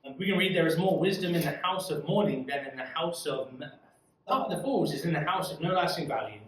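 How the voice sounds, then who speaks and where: Male youth Bible study leader, higher-pitched, earnest and conversational; recorded from a distance in a very reverberant room. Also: slight background noise. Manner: earnest, conversational, asks the group questions. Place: church room. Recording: echoey room from far off.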